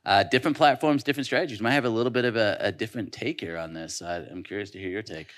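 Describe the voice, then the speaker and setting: A man with a very low voice chatting on a conference panel. He talks loosely and conversationally, full of "um" and "like," often restarting his sentences. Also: fairly bright tone. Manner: conversational, quick hooks, many fillers and restarts. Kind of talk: casual panel discussion. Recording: live conference session.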